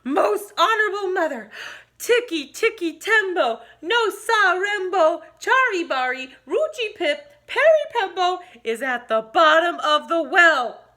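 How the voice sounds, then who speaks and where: A woman voicing a small frantic boy who pants and pleads, high and loud. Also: exaggerated voice. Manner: breathless, panting, rushed.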